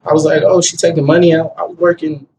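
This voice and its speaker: Young man, fairly high voice, talking from a distance over faint room noise; animated storyteller who acts out quotes. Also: quick pace. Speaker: guest telling his story. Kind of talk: casual conversation.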